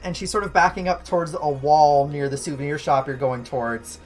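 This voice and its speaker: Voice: mid-range voice, steady tone, a little fast, hardly any pauses. A game master narrating a tabletop game, rambling and full of fillers.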